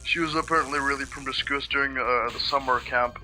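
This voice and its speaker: A man's voice: medium pitch, fairly even intonation, fairly quick, pushed and bright, soft background music, rough recording. A man co-hosting a let's play, chatting casually in rambling sentences full of restarts and swearing. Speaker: let's play co-host watching. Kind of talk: casual gaming chat.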